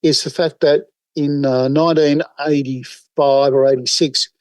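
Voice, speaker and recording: Casting: older Australian bloke, rambling storyteller, fillers, dry close mic. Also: male voice, fairly high pitch, fairly even intonation, a little slow, a little mellow, dry recording, poor audio. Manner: rambling, folksy, many fillers. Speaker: guest, emergency services volunteer. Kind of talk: casual interview storytelling.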